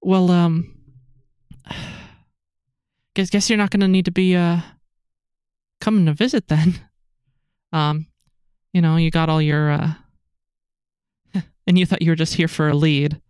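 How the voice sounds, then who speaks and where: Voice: mid-range voice, fairly even intonation, smooth, no echo, studio quality, natural voice. A game master voicing a hesitant bedside nurse. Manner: halting, stammering speech with soft fillers. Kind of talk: tabletop game character voice.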